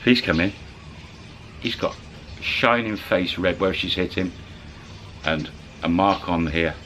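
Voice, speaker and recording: A man casually retelling a story to camera, animated and colloquial, slipping into the voices of the people in it. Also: deep voice, unhurried, a little hiss or hum. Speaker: channel storyteller.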